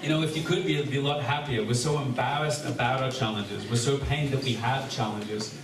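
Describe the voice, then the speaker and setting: A man, a rabbi leading a seder, teaching a live gathering in a joking, energetic way and addressing the crowd directly. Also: mid-range voice, a little fast. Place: large echoey room with a gathering. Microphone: distant room recording. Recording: echoey room recording from far off with background noise.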